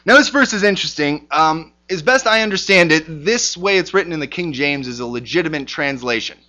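A man's voice: a little high, a little fast, bright, forceful tone, dull audio. A man teaching a casual Bible lesson, talking conversationally with lots of fillers and restarts.

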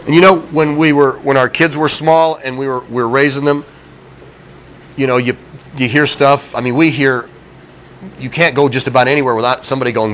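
A man's voice: medium pitch, steady tone, normal speed, a bit bright, some chatter behind, rough recording. A middle-aged man preaching a sermon in a folksy, conversational way, often asking his listeners questions. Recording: faint background noise.

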